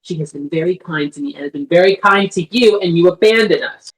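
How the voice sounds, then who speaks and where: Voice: mid-range voice, fast talker, lightly acted, rough recording. GM putting on a stuck-up royal lady, indignant and lofty. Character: prim haughty royal young woman.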